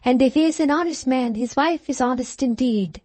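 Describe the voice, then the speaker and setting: A woman reading aloud voices a proud, spirited young Highland girl in an audiobook, lifting her pitch and speaking with a lilt. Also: moderate pace, a little mellow, dry recording. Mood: delighted.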